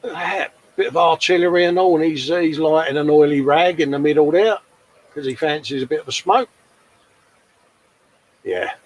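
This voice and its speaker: A man's voice: on the high side, normal speed, pauses often, low-quality recording. Chatty man hosting. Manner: chatty, matey, full of tag questions. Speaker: host. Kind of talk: casual live-stream chat.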